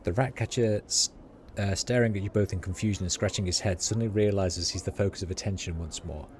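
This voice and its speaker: A man streaming a game, reading its text aloud and thinking out loud with halting fillers. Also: low-pitched, fairly even intonation, slight background noise.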